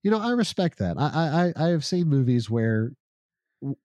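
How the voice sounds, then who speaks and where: A man's voice: a little high, very animated, moderate pace, a little mellow, no echo, muffled recording. A man co-hosting a casual podcast, reading listener comments aloud and laughing often. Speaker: podcast co-host.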